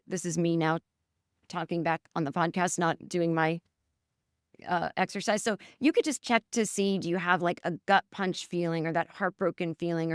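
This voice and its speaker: A woman hosts a podcast in a chatty, earnest way, walking listeners through a self-check exercise. Her voice is smooth and clear. It is recorded close on a dry mic with no room sound. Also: mid-range voice, no echo. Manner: chatty, earnest, talks herself through exercises in third person. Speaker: podcast host. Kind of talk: guided self-help talk.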